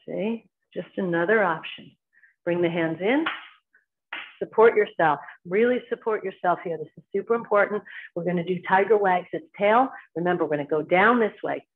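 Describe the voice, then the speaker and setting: A woman with a New Jersey accent leads a qigong class, giving short spoken cues timed to each movement. Her voice is on the low side at a normal speed, with a tinny, phone-like sound.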